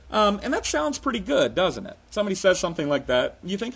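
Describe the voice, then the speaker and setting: A man's voice: high-pitched, very animated, quick pace, creaky, few pauses, a bit bright, breathy edge, dull audio. A man ranting sarcastically with frequent profanity, in a solo comic monologue. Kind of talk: sarcastic comic rant to camera.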